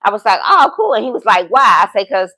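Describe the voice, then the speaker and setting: A woman's voice: mid-range voice, very fast, sharp tone. A woman in her fifties, a vlogger, chatting casually and telling a story straight to her viewers, acting out both sides of a phone call. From United States. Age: 50s.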